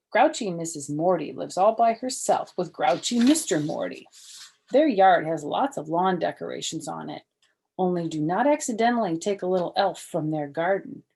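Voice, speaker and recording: An older woman reading a children's chapter book aloud, animated in the lively parts and soft and hushed in the quiet ones. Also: low voice, gravelly, slightly rough.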